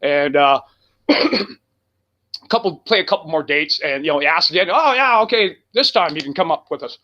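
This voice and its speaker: A man telling a profane, animated road story as a guest on a casual talk show. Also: on the high side, normal speed, dull audio, slight background noise. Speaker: guest musician.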